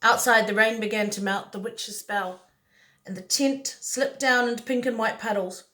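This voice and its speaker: A woman's voice: on the high side, steady tone, moderate pace, bright, forceful tone. Playful woman reading a storybook aloud. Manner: playful, adds chatty asides to the listener. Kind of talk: reading a picture book aloud.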